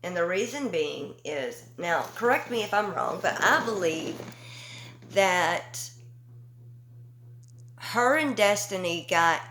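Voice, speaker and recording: Slow, emphatic woman in an echoey room. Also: fairly low pitch, lively intonation, a bit bright, a little hiss or hum. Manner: slow, emphatic and indignant, with frequent ums and pauses. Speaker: commentary YouTuber. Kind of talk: casual opinion commentary.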